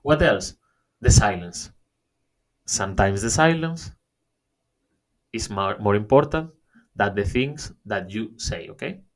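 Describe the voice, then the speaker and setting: Slow-talking man giving a webinar. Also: fairly low pitch, animated. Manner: halting, many fillers and restarts, says "okay?" often. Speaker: webinar presenter. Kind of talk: online workshop talk.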